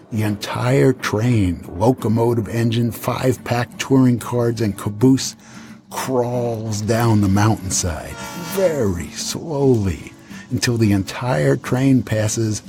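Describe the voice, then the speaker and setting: A man's voice: mid-range voice, darkish tone. Older man telling a wry travel story. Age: 70s. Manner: wry, dry humorous asides. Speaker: podcast host.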